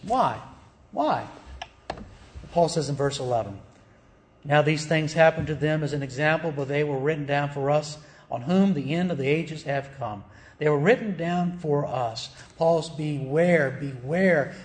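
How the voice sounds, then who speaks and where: A man with a somewhat high-pitched voice preaches a sermon as pastor. He keeps asking his listeners rhetorical questions and calls them beloved. He acts out the quoted speakers by pushing his voice higher and louder.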